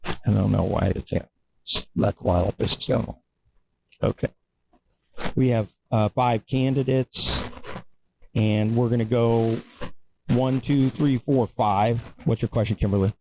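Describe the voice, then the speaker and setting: A man's voice: medium pitch, creaky, dark tone, slight background noise, rough recording. A man moderating a candidate forum, talking informally with lots of fillers and restarts. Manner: informal, halting, filler-heavy. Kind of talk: casual instructions to a room.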